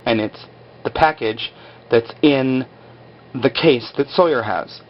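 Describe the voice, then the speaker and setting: Over a set of stick-figure drawings, a man casually recaps a TV episode, rambling along with plenty of "like" and acted-out quotes. His voice is medium-pitched and slow, and the recording sounds muffled.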